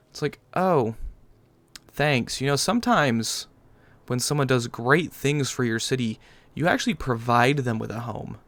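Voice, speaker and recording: Sarcastic, rambling let's-play host. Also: male voice, mid-range voice, unhurried, a bit bright, no room sound. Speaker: gaming channel host. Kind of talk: casual let's-play commentary.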